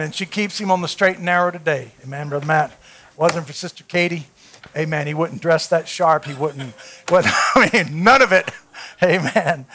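A preacher with a high, bright voice tells a story from the pulpit of a church. His delivery swings from hushed, intimate asides up to loud, fervent peaks. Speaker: pastor. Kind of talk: sermon. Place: church sanctuary.

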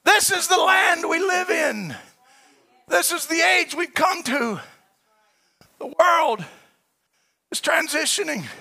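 A man's voice: very high voice, lively intonation, slow, gravelly, pauses often, sharp tone. A man preaching a sermon, impassioned and repeating his phrases as he builds.

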